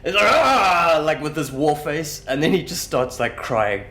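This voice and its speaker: A man at a tabletop game chatting casually with excitable asides. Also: a little high, normal speed. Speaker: player.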